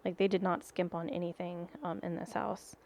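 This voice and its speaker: A woman's voice: lowish voice, little pitch movement, normal speed, gravelly, darkish tone. A woman co-hosting a podcast, chatting casually with many hesitant ums. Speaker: podcast co-host. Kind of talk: casual chat.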